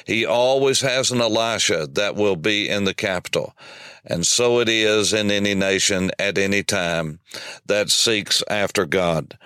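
A man's voice: lowish voice, a bit bright, no room sound. A male preacher delivering a sermon, telling a story emphatically.

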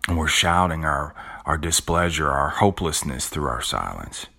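A middle-aged man with a very low, deep voice talks through a motivational monologue as a podcast host. He speaks conversationally, often restarting and repeating words, with blunt and earthy asides. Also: sing-song, moderate pace, vocal fry, pushed and bright.

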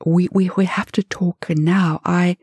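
A flustered young woman, voiced by a woman storyteller, hesitant and apologetic, with a low, husky voice. The sound is close and dry. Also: fairly even intonation, unhurried, a little mellow, dry recording.

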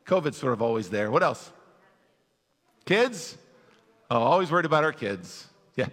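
A man's voice: mid-range voice, sing-song, moderate pace, a bit bright. A male pastor preaching a conversational sermon, asking his congregation questions and acting out their worries. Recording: long hall reverb.

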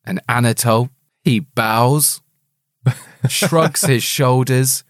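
A man's voice: mid-range voice, takes it slowly, no room sound, clean studio sound. A man co-hosting a casual book chat, playful and often laughing. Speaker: podcast co-host.

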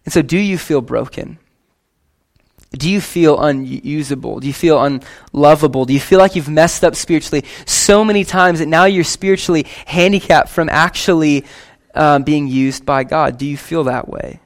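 A young man preaching a sermon to his church in a lively, conversational way, with quick asides and casual slang. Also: fairly high pitch. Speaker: pastor.

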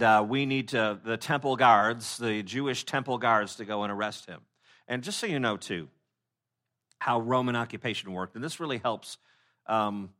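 Male pastor, conversational sermon, bright tone, lots of fillers, acts out quotes. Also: mid-range voice. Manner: conversational, many fillers and restarts; acts out quoted speakers in short voices.

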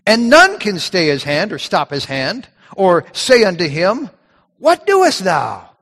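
Man, pastor, sermon, slightly high voice, conversational, repeats words, long church reverb. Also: very animated, a bit bright. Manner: conversational preaching, repeats words, reads scripture slowly.

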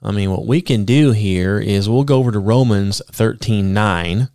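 Low-voiced man teaching the Bible. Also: darkish tone, no echo, studio quality. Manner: explains step by step, says "okay?" often; reads scripture aloud slowly with emphasis. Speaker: podcast preacher.

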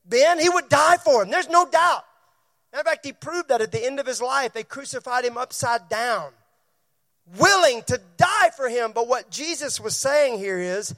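A man preaches a sermon in church, his voice pitched very high. He asks the congregation questions and calls on people by name as he goes. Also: expressive, moderate pace, a bit bright. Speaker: pastor.

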